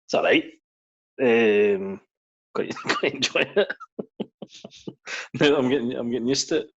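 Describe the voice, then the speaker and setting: A man co-hosting a podcast, relaxed and hesitant, with plenty of ums. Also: medium pitch, unhurried, gravelly, dull audio, slight background noise. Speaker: podcast co-host. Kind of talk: casual chat.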